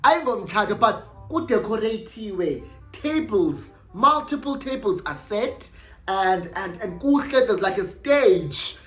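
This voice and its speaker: A young South African woman telling a storytime vlog, animated and exclamatory, switching freely between languages. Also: mid-range voice, unhurried, soft background music. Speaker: YouTuber.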